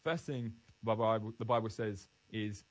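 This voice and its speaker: A man's voice: fairly low pitch, moderate pace, lo-fi sound. A man giving an earnest, emphatic devotional Bible talk, restarting phrases as he goes. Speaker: Christian speaker.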